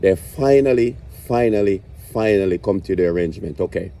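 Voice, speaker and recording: A man's voice: deep voice, brisk, warm tone. A man telling a stand-up story about his grandma, swearing and ranting in exasperation. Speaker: comedian.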